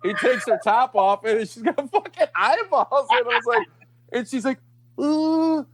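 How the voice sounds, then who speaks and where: A man's voice: very high voice, expressive, moderate pace, fairly bright tone, slightly rough, dry recording. A man hosting a podcast, telling a long story in a rambling, profane, laughing way. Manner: rambling, swears a lot, laughs often. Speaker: podcast host. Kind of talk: casual profane chat.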